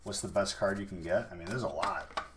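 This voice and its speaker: A man's voice: low-pitched, brisk, background noise. A man casually chatting on a live stream while opening card packs, teasing and thanking viewers.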